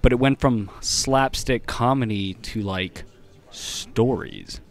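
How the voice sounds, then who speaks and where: A man's voice: medium pitch, slow pace. A man appearing as a podcast guest in casual chat, rambling and filling his sentences with "like". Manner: rambling, fills speech with "like".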